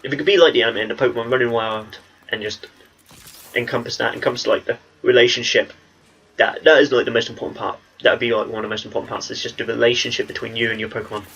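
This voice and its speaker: A man's voice: medium pitch, fairly even intonation, fast, a bit bright, husky, muffled recording. A young man with an English accent, talking in a rambling, chatty way as he commentates on his gameplay. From England. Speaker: gaming channel host.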